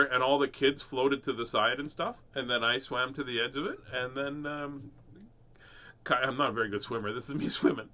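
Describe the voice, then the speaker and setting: A middle-aged man with a bright, forceful voice tells a rambling personal story in an animated, casual way, chuckling as he goes. He then reads a children's picture book aloud for his listeners. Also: mid-range voice. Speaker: host reading children's books.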